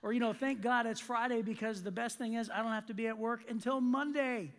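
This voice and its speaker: A man's voice: very high-pitched, fairly quick. A man preaching a sermon in a church auditorium, telling a story and acting out the quotes. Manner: animated storytelling with acted-out quotes. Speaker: pastor. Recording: long hall reverb.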